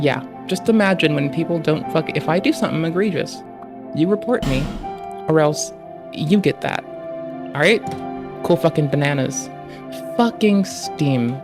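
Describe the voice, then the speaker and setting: A streamer ranting with constant swearing in casual talk on a live stream. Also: mid-range voice. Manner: swears constantly, rants angrily.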